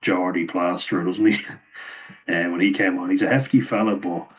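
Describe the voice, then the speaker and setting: A young Irish man talks through his rugby picks in a low, level voice that rarely rises or falls. He is chatty and opinionated, laughing as he goes, and his voice sounds a bit hoarse. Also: steady tone, moderate pace, poor audio. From Ireland. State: slightly hoarse, losing voice. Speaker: rugby pundit vlogger. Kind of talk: casual rugby commentary.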